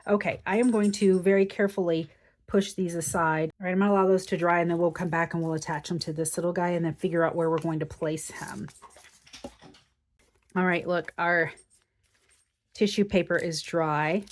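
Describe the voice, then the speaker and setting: Brief: woman craft host, lowish voice, relaxed chatty walkthrough at her table. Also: normal speed. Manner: chatty, thinks aloud while working. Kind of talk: casual craft tutorial.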